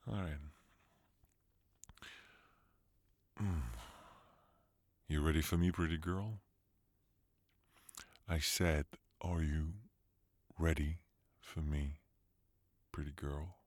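A man voicing a dominant, possessive male lover in an intimate audio role-play, murmuring low and giving commands. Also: slow pace, long pauses, dry recording, clean studio sound. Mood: teasing. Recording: noisy home recording.

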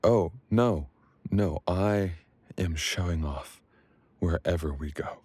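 Breathy low-voiced man, soft and close. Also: slow. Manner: breathy, sighing, soft and affectionate. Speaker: audio role-play performer. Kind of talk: intimate audio role-play to a listener.

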